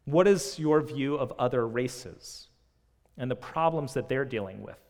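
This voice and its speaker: A man preaching a sermon, earnest and full of rhetorical questions, swinging between loud emphasis and quiet. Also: mid-range voice, expressive, a little slow. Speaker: pastor. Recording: long reverb of a large hall.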